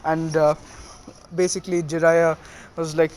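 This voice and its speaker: A man's voice: on the high side, flat delivery, normal speed, clear, resonant tone. Rambling man retelling a fan story. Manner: rambling, full of uh and restarts.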